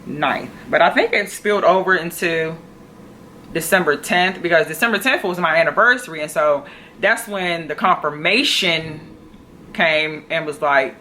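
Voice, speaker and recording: A woman, telling a personal story to her phone camera in an animated, chatty way. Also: low-pitched, normal speed, a little hiss or hum. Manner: chatty, animated, addresses viewers as y'all. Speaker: vlogger.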